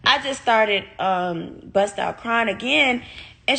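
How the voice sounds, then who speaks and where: A young woman, telling her viewers a story in a casual, animated, profane way. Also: a little high, takes it slowly, vocal fry. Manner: animated, profane, talks straight to her audience. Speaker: vlogger.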